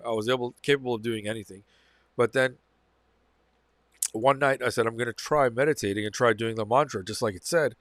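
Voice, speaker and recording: A man's voice: mid-range voice, a bit bright. A man with a mid-range voice recounts a personal experience straight to camera, casual and meandering, circling back and restarting his sentences. The sound is dry, with no room echo around him. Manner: rambling, repeats phrases, self-corrects. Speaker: channel host. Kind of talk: casual first-person storytelling.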